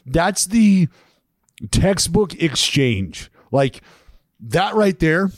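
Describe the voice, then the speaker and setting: A man talks baseball on a casual podcast with animated, profane energy and frequent laughter. His voice sits fairly high for a man. The sound is dry and close. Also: extremely slow, dry recording. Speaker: podcast co-host, pro baseball player. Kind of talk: casual sports chat.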